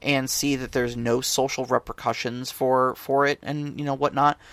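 A man's voice: medium pitch, little pitch movement, normal speed, a bit bright, no room sound. Guy cohosting a podcast, rambly and full of restarts, dry close mic. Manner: rambling, many restarts and fillers. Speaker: podcast co-host. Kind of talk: casual chat.

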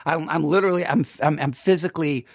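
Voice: medium pitch, quick pace, vocal fry, no echo, clean studio sound. A commentator reacting to a sermon clip with emotional, exasperated ranting and sarcastic mimicry.

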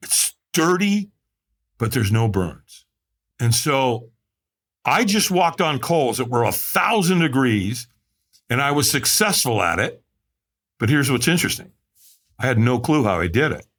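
A man on a podcast tells his story very animatedly yet a little slowly, with long pauses and a slightly bright voice that has a breathy edge. His delivery is dramatic, with quotes acted out in big swings of pitch.

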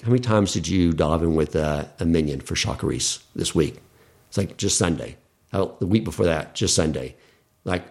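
A middle-aged man, a podcast guest, earnestly telling a personal story in casual conversation and acting out the dialogue he quotes. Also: deep voice.

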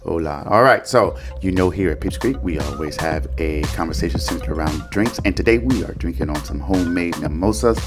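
A man hosting a podcast in casual chat, relaxed and joking. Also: low-pitched, fairly quick, hardly any pauses, over music. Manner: relaxed, laid-back, joking. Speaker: podcast host.

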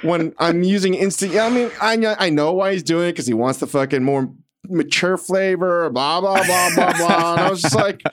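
A man on a casual podcast who rants in a fairly high voice, cursing freely and sounding comically exasperated. His pitch jumps up sharply as he works himself into mock outrage. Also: fairly quick. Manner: animated, profane, comically exasperated ranting. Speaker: podcast co-host.

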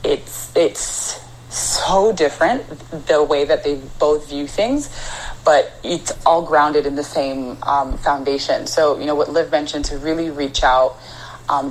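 Low-voiced, eager woman, faint hiss. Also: low-quality recording. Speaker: panel speaker. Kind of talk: casual live audio-room talk.

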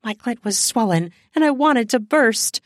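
Slow-reading woman storyteller. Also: fairly high pitch, expressive, dry recording, clean studio sound. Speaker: podcast host and story narrator. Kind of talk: erotic story narration.

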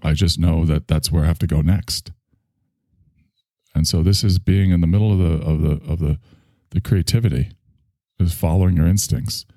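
A man's voice: low-pitched, steady tone, moderate pace, long pauses, warm tone, no echo, clean studio sound. A man hosting a stream, talking in a rambling, self-reflective way and swearing freely. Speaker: stream host. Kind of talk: casual monologue to an online audience.

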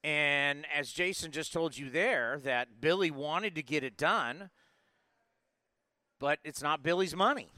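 A man in his forties hosting a live sports talk show, talking in an energetic, rambling way with lots of asides. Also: on the high side, takes it slowly, no echo. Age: 40s. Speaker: sports podcast host.

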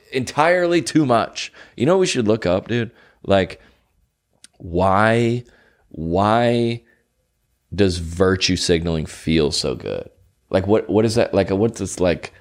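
Young male podcast host, low voice, casual and rambling, animated storyteller. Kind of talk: casual chat.

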